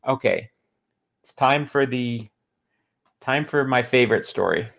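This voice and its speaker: A male streamer giving sarcastic running commentary as he reads, deadpan and mocking, often restarting his sentences. His voice is gravelly with creaky fry and a mid-range pitch. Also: a little slow. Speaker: streamer reading a book aloud.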